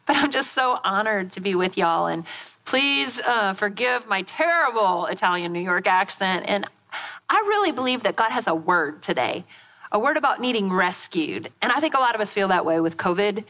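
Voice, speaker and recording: A middle-aged woman pastor preaching a sermon, telling a story in a folksy, animated way. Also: medium pitch, normal speed.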